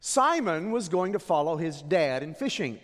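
A man preaches a dramatic sermon in a fairly high voice. His pitch swings wildly as he moves between loud proclamations and near-whispered asides. The sound carries a long reverb, as in a large church sanctuary. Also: very animated, moderate pace. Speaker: pastor.

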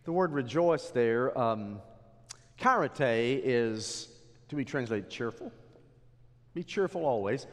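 Emphatic preaching man, high lively voice. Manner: emphatic preaching, swings from low asides to raised exhortation. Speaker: pastor. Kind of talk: sermon. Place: church. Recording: long hall reverb.

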